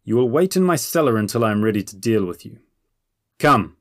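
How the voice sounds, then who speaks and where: A man voicing a cold, menacing masked sorcerer lord in an audiobook, with icy, drawn-out threats. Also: lowish voice.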